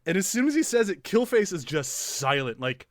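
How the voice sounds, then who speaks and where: A man co-hosting a casual podcast, animated and laughing often, swearing freely. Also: high-pitched, brisk, no echo, studio quality. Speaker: podcast co-host.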